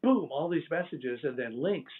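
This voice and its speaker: An older man with a slightly higher voice recounts his stories with lively energy, breaking into laughter and making sound effects. The audio is thin and phone-like, as though it comes through a narrow call line. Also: moderate pace, breathy edge. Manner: animated, laughs and imitates sounds. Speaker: interview guest. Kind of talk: casual storytelling.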